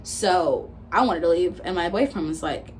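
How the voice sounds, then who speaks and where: Speaking at a moderate pace with a fairly low pitch, a woman in her twenties delivers a casual storytime rant on her vlog, with slight noise in the background. She's blunt and profane, replaying arguments through quoted back-and-forth.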